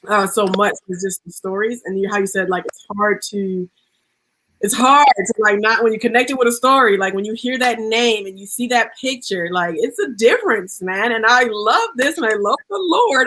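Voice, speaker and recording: A woman's voice: fairly high pitch, moderate pace, sharp tone, poor audio. A woman host and painter speaking casually and enthusiastically, full of praise and slang. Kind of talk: casual, lively hosting.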